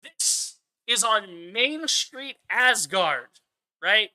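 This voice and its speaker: A man's voice: high-pitched, animated, drawn-out words, pushed and bright. A man hosting his own channel, giving a profane, exasperated rant of movie commentary. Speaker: channel host.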